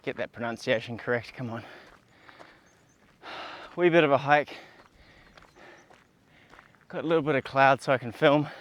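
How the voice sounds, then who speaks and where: Brief: male travel vlogger, medium pitch, dry humor, casual and upbeat. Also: normal speed, pauses often, fairly bright tone. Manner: wry, upbeat, self-mocking. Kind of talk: casual vlog talk and scripted voice-over. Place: outdoors on a hike.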